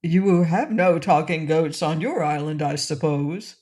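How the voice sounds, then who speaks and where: A woman's voice: low voice, measured pace, a little mellow. A woman doing a giggling, jolly fat little king. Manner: giggly, merry, laughing. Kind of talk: audiobook reading.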